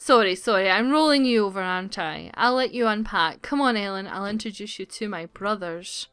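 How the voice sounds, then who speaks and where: A woman voicing a chatty, bossy teen girl student from a game, talking fast. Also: mid-range voice, lively intonation, a bit bright, clear, resonant tone, no room sound, close to an everyday voice. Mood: bubbly.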